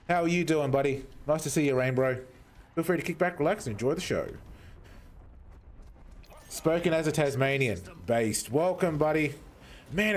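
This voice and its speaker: A young man with an Australian accent talks to his live chat while he plays. His voice sits fairly high and swings all over the place as he reacts. He is chatty and swears freely, welcoming viewers one by one. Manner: chatty, swears often, greets chat warmly by name. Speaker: gaming streamer. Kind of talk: casual livestream chat while gaming.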